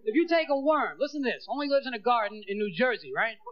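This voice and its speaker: A man tears through a stand-up routine with a strikingly high voice, acting out the people in his stories. The recording is dull and lo-fi, with a clear hiss under the voice. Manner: fast, animated, acting out voices of people and the movie. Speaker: stand-up comedian.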